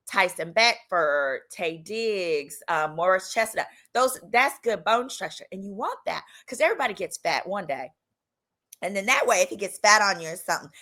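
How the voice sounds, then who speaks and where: A woman in her thirties from Texas telling a personal story in a casual, animated way, acting out the people she quotes. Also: mid-range voice. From Texas, United States. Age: 30s. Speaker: lawyer and channel host.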